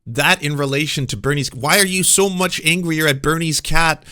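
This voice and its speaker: Man, streamer, casual commentary rant, impassioned, profane, bright voice. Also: a little high, normal speed. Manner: impassioned, profane, builds to yelling.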